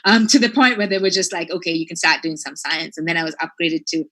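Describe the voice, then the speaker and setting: A woman from Sri Lanka, a marine biologist, telling a lively story in conversation and peppering it with "right?" and "like". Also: fairly low pitch, fast. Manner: chatty, fillers like "right?" and "like".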